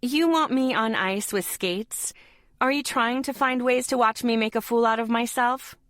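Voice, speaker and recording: A woman's voice: mid-range voice, sing-song, normal speed, a bit bright, dry recording, clean studio sound. A woman reading aloud as a sassy, wry teenage girl who teases and grumbles. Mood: teasing. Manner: teasing, grumbling.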